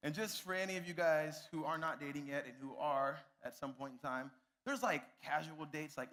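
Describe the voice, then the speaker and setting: Animated, bright-voiced young male youth pastor. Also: on the high side, moderate pace. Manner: animated, self-mocking, addresses the crowd directly. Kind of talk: storytelling youth talk.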